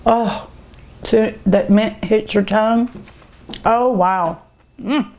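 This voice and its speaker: A middle-aged woman hosts a cooking show, tasting dishes and gushing over each bite with drawn-out hums of delight. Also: mid-range voice, darkish tone.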